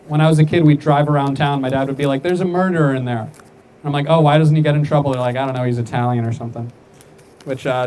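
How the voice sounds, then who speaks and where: A young man doing stand-up crowd work outdoors on a city street through a portable speaker, firing off quick political one-liners and teasing people passing by. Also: a little high, a little mellow, a little hiss or hum. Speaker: stand-up comedian. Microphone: amplified through a portable speaker.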